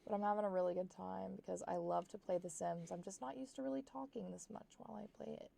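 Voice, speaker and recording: A tired young woman from Oklahoma with an Oklahoma accent, chatting excitedly and rambling as she streams a life-simulation game. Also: mid-range voice, fast talker, creaky, slight background noise. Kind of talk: casual chat while playing a game.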